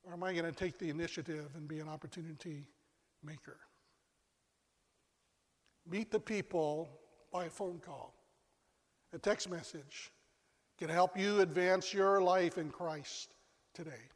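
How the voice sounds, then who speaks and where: Pastor preaching, highish voice, lots of hall reverb, pauses then goes quiet for effect. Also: male voice, fairly even intonation. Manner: storytelling with dramatic pauses and drops to a hush. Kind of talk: sermon. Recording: long reverb of a large hall.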